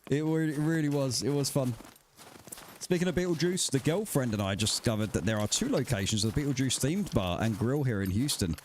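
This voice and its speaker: Chatty game streamer. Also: male voice, medium pitch, lively intonation, fairly quick, a little mellow, a little hiss or hum. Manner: chatty, swearing banter with viewers. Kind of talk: casual livestream chat.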